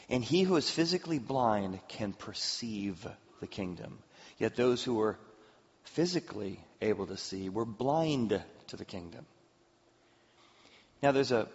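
A male pastor preaching a sermon, telling a story with acted-out quotes and an animated delivery. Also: medium pitch. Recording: echoey hall, slightly dull.

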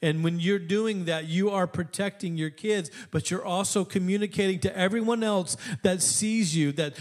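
A man's voice: sits high, normal speed. A middle-aged male pastor preaching a sermon to an online audience in a conversational way, with laughing asides and emphatic repetitions. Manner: builds to emphatic repeated lines.

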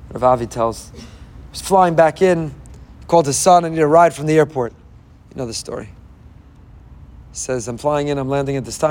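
A man's voice: mid-range voice, darkish tone. A man giving an impassioned sermon as a rabbi, firing off rhetorical questions and weaving in Hebrew phrases. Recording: long hall reverb.

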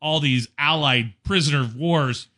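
A man in his forties in casual chat, an animated storyteller who laughs as he talks. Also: fairly high pitch, normal speed.

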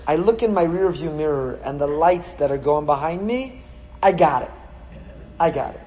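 A man, a rabbi, delivering a sermon full of rhetorical questions and repetition, with sharp swings between loud and soft. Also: fairly high pitch, animated, moderate pace, long pauses, reverberant, slight background noise, rough recording. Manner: storytelling, acts out quoted voices.

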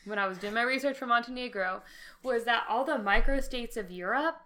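A young woman co-hosting a podcast in casual chat, animated and chatty, laughing often. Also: a little high, a little fast. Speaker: podcast co-host.

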